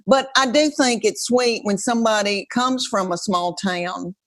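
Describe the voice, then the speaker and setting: A woman in her fifties with a Tennessee Southern accent, a podcast co-host and comedian chatting casually in a folksy, animated way. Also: mid-range voice, unhurried. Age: 50s. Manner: animated, folksy, calls people honey. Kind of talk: casual chat.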